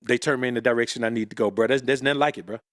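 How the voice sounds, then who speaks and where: A man's voice: medium pitch, steady tone, rapid-fire, fairly bright tone, dry recording, clean studio sound. A man from Birmingham, Alabama with a Southern accent, co-hosting a casual podcast chat in a motivational, profane way. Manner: motivational, says bruh and man often. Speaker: podcast co-host.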